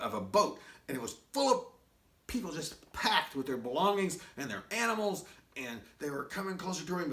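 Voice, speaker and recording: A man pastor telling a joke-story in sermon style, with an animated, dramatic build. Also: a little high. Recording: echoey room, mic far off.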